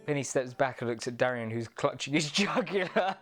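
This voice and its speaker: A woman's voice: very deep voice, moderate pace, hardly any pauses. A woman streamer reading out a text adventure with laughing, profane, mock-dramatic commentary. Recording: faint music behind.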